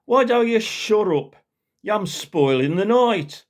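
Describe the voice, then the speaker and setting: A man voicing an old Black Country grandad telling a loudmouth to quiet down, blunt and exasperated. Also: sits high, lively intonation, slow pace, pitched above the performer's own voice.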